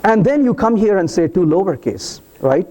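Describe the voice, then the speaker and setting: Lively, animated man giving a tech talk. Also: high-pitched, fairly quick. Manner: animated, playful, teasing the audience. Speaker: conference speaker. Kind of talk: live technical talk to an audience. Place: conference hall.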